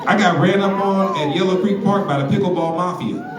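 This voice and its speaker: A man in his forties doing stand-up comedy on a comedy club stage, telling stories in an animated, profane way. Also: high-pitched, brisk, a loud crowd. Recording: roomy club sound, distant mic.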